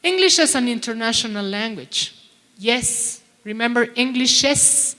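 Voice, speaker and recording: A woman's voice: fairly high pitch, lively intonation, a little slow, bright, forceful tone. A middle-aged woman giving a conference talk to teachers, chatty and quizzing the audience. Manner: chatty, asks the audience questions. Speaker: plenary speaker at a teachers' conference. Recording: long hall reverb.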